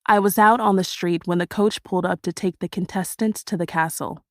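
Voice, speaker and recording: A woman's voice: on the low side, fairly even intonation, a little fast, no echo, studio quality, lightly acted. A woman voicing a cold, condescending young man. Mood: grim, earnest. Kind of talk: audiobook character voice.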